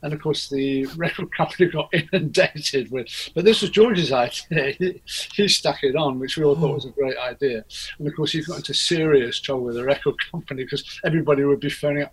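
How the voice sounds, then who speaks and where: A record producer guesting on a casual interview speaks in a husky, fairly high male voice at a slightly quick pace, over poor audio. He rambles hesitantly, full of fillers and restarts.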